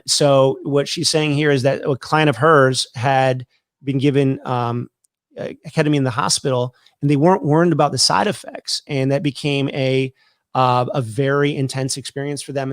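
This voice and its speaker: A man who hosts a casual discussion and works as a therapist. He talks in a thoughtful, explanatory way and often doubles back on his words. His voice sits at a middle pitch and sounds close and dry, with no room around it. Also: no echo. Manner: thoughtful, explanatory, with many restarts. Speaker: therapist and podcast host.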